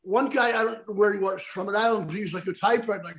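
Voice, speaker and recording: Male podcast host, chatty and rambling, fairly high voice, tag questions. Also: fast, a bit bright, poor audio. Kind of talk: casual podcast interview.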